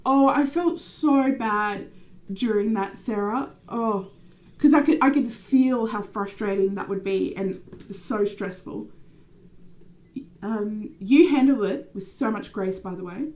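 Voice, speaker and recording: A young adult woman streaming a game, chatting casually with viewers by name and rambling through animated stories. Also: mid-range voice, slow pace, rough recording. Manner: animated, rambling storytelling with many fillers. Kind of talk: casual live-stream chat.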